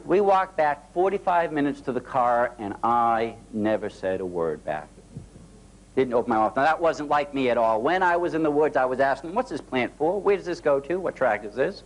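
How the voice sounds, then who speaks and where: A man giving a motivational talk, telling personal stories in a folksy, animated way with an occasional light laugh. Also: medium pitch, moderate pace, poor audio. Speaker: motivational speaker. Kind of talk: storytelling keynote talk.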